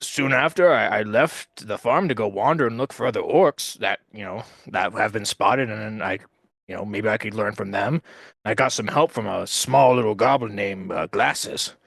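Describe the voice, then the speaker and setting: A man playing a halting young orc wanderer. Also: fairly low pitch, gravelly, fairly bright tone, no echo. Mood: earnest. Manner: halting, repeats words, plain speech. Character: young male orc wanderer telling his past. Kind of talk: in-character backstory in a tabletop game.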